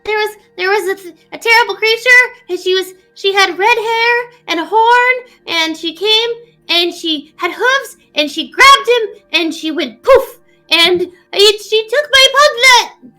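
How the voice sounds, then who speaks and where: A woman's voice: very high-pitched, measured pace, pushed and bright, faint music behind, pitched above the performer's own voice, exaggerated voice. A woman voicing a panicky tiny male mushroom familiar who repeats himself in a frantic rush. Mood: distraught. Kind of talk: game master voicing a character.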